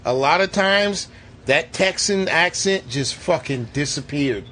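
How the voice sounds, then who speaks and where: Animated, foul-mouthed man reviewing a film. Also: fairly high pitch, measured pace, slight background noise. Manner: animated, profane, acts out quotes of scenes. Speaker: podcast co-host. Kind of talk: casual movie review chat. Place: movie theater.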